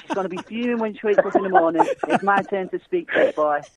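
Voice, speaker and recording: A young man with a Scouse accent calling a radio show, brash with quick banter. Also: high voice, over a noisy crowd. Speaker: caller. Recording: muffled phone line.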